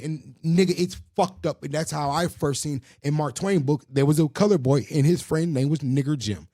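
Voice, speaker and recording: Fast-talking man, loud and profane. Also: fairly high pitch, no echo, clean studio sound. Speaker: podcast host. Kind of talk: casual uncensored chat.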